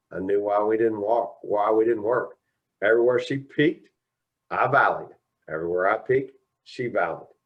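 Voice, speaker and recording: A man's voice: on the low side, muffled recording. A middle-aged man with a Kentucky accent gives a guest lecture at a mediation class as a folksy storyteller, retelling talks with lots of "I said, he goes.". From Kentucky, USA. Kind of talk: anecdotal lecture.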